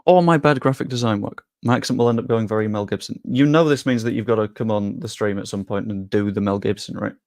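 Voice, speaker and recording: A man's voice: on the low side, quick pace, hardly any pauses, a little mellow, no room sound, studio quality. A young man hosts a live stream, talking casually and making jokes at his own expense. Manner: chatty, jokey, self-deprecating. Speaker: streamer hosting a sweepstake draw.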